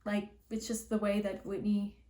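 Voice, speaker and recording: A young Canadian woman hosts a casual explainer video, chatty and loose with plenty of likes and ums. Her voice sits at an ordinary middle pitch. The room around her is echoey. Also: monotone, normal speed, dark tone. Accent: Canadian English. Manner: chatty, many fillers and likes. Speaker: linguistics video host.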